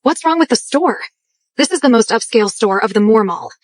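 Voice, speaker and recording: A woman's voice: on the high side, animated, brisk, no room sound, natural voice. An actress playing an arrogant young woman posing as a rich heiress, imperious and scornful, in an English drama dub. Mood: haughty.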